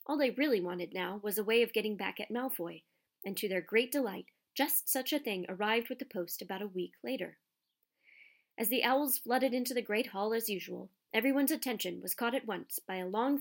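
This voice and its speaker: A woman narrating a children's audiobook in a calm, even storytelling manner. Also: mid-range voice.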